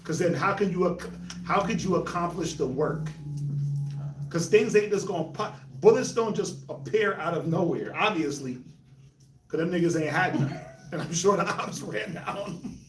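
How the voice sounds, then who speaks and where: Man, high voice, laughing often, slangy casual Bible talk, echoey room, a bit off-mic. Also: moderate pace, far from the mic, a little hiss or hum. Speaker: host of a Bible discussion show.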